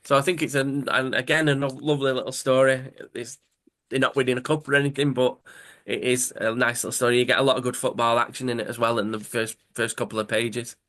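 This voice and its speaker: A man's voice: medium pitch, little pitch movement, fast talker, bright, forceful tone. A man co-hosting a podcast, casually retelling a comic story with rambling self-corrections. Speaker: podcast co-host.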